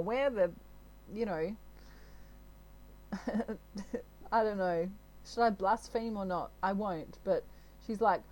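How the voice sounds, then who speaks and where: A woman's voice: mid-range voice, slow, pauses often, a little mellow, poor audio. Chatty Australian woman tarot reader. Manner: chatty, rambling, giggly. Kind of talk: casual spiritual reading.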